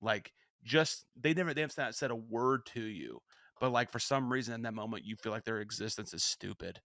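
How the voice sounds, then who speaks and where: A man's voice: medium pitch, brisk, a bit bright, no room sound, clean studio sound. A middle-aged man co-hosting a podcast in casual chat, rambling with many restarts and fillers. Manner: rambling, self-interrupting, frequent "like" and restarts. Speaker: podcast co-host.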